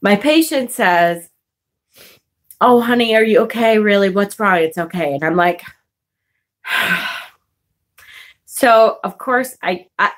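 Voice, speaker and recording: A woman vlogger telling a personal story in a casual, chatty way, swearing and laughing often. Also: medium pitch.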